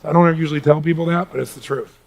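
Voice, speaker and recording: A middle-aged man giving a live motivational seminar talk to a large audience in a hall, booming and energetic, swinging from hushed asides to shouting. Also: racing, creaky. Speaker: motivational speaker.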